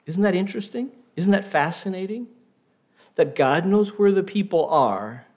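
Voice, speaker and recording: A man preaching a sermon, telling stories in an unhurried way and asking the listeners rhetorical questions. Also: high-pitched, expressive, darkish tone.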